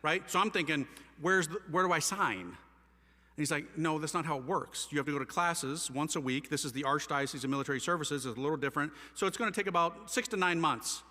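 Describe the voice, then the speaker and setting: A man giving an impassioned, slangy testimony to a live audience, his storytelling swinging between loud and hushed. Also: a little high, fast. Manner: animated, slangy storytelling with wide swings of loudness. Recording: hall reverb.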